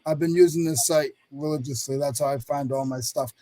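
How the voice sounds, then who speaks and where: A man from North Carolina, a reseller, walking viewers through a website in a rambling, hurried screen-share chat. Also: on the high side, steady tone, dark tone, dry recording. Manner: rambling, fast, self-correcting. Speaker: reseller sharing his screen on a live stream. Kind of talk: casual screen-share walkthrough.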